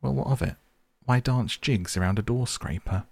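A man voicing an energetic, impatient male water rat who gives orders, in a storybook reading. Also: mid-range voice, normal speed, creaky, dry recording, voice pushed up. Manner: impatient, commanding.

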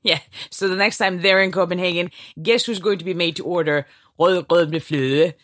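A woman's voice: on the low side, steady tone, normal speed, a bit bright. A woman co-hosting a news podcast with a wry, teasing delivery. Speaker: podcast co-host.

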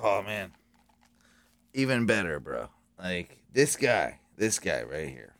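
A man rambles excitedly in a casual podcast chat, his pitch swinging widely. He stops and restarts often. The sound is dry and close. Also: slow pace, dry recording. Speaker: podcast host. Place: home.

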